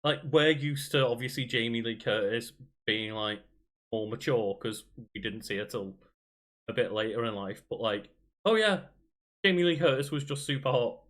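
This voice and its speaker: A man's voice: mid-range voice, normal speed, a bit bright. A man co-hosting a casual podcast chat, laid-back and agreeable. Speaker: podcast co-host.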